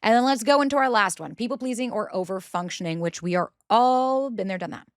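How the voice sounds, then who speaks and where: A woman's voice: medium pitch, brisk, dry recording. A blunt woman podcast host giving relationship advice, swearing freely and hitting her points hard. She acts out the voices she quotes. The recording is dry, with no room sound. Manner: blunt and profane, emphatic. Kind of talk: candid advice monologue.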